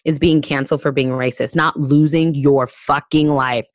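Emphatic low-voiced woman comedian. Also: steady tone, moderate pace, no room sound, poor audio. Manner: emphatic, profane, preachy. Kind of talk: casual podcast conversation.

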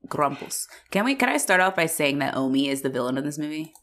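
Lively low-voiced woman chatting. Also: fast talker. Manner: animated, laughing often, many fillers. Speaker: podcast co-host. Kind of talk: casual chat.

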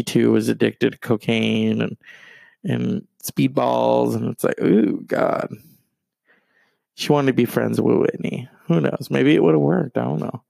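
A man's voice: mid-range voice, creaky, a little mellow, dry recording. A man in his late thirties hosting a solo podcast, rambling and gossiping with plenty of swearing. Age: 30s. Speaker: podcast host.

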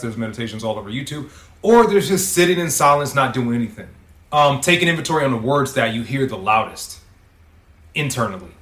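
A man hosts his own podcast and talks straight to the listener in a motivational, coaching monologue. He preaches, asks rhetorical questions and swears freely. His voice is mid-pitched and sits in an echoey room. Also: fairly bright tone. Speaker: podcast host.

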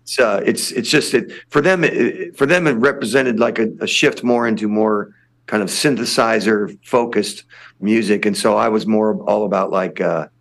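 Older male guest, gravel in a low voice, loose rambling talk. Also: normal speed, a bit bright. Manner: rambling, many restarts and fillers. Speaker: lead singer of a punk band, podcast guest. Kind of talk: casual interview chat.

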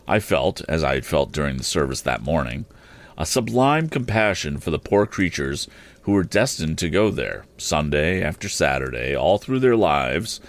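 A man narrating a classic novel in the first person, measured and expressive. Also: very deep voice. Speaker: audiobook narrator.

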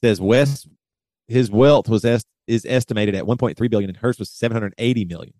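Low guy hosting a chat, reads stuff out with lots of asides, dry close sound. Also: mellow, dry recording. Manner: loose, reads out figures with halting asides. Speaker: podcast host. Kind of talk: casual chat, reading news items aloud.

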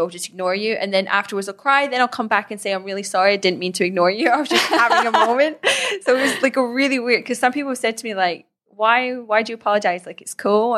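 A young woman talking easily about her training, her speech loose and full of fillers. She laughs often as she talks, and her voice sits at an ordinary middle pitch. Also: a bit bright. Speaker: Muay Thai fighter, guest. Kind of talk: casual interview chat.

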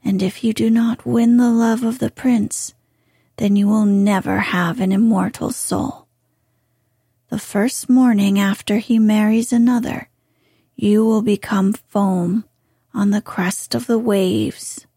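A woman voicing a scheming, ancient sea witch in whispered role-play, speaking softly and slowly. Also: medium pitch, fairly even intonation, breathy edge, dry recording, studio quality. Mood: bargaining. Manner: soft, slow whispering.

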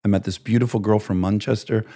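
A man hosting a podcast in casual conversation, joking around and swinging through lively voice changes. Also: fairly low pitch, fast, dry recording, studio quality. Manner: animated, joking, does silly voices. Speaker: podcast host. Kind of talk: casual chat.

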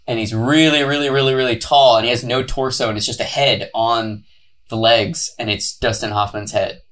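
A man co-hosting a comedy podcast, telling the story in a casual, animated way and often laughing. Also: mid-range voice, normal speed. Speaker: podcast co-host.

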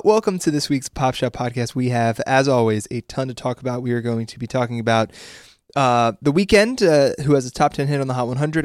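A man's voice: medium pitch, smooth, no room sound, clean studio sound. Chatty male podcast host. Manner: chatty, laughs often, fillers and restarts. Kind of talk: casual podcast chat. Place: based in New York.

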